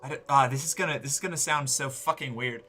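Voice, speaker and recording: A man's voice: mid-range voice, fast talker, bright, forceful tone, soft background music. A man in his forties chatting casually and profanely while streaming a game, rambling and cutting himself off mid-thought. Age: 40s. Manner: rambling, profane, self-interrupting. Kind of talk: casual live-stream chat while gaming.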